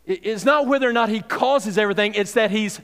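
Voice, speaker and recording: A man's voice: sits high, fast, fairly bright tone, clear, resonant tone. A man preaching a sermon in a conversational way, often restarting phrases and checking in with "okay?". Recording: long hall reverb.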